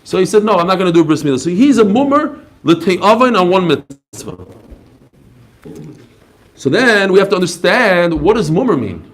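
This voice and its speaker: A man giving a daily Talmud class, telling stories with quick asides. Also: sits high. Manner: animated storytelling, quick asides. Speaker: Talmud teacher. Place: study hall class.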